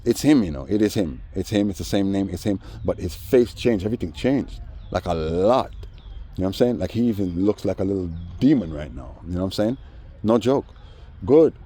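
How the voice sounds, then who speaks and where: Deep-voiced man. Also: a little fast, breathy edge. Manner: animated, acts out voices in quoted dialogue. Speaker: vlogger. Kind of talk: casual storytelling monologue.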